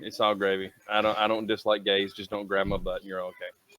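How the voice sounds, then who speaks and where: A man's voice: on the low side, little pitch movement, fairly quick, no room sound. A man playing an online tabletop game, teasing the others in casual chat over a computer mic. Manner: teasing, loud joker. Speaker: player.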